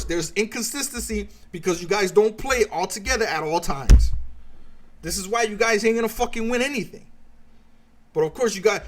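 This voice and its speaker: A man streaming a heated, sarcastic reaction rant, swearing constantly as he mocks what he watches. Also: high-pitched.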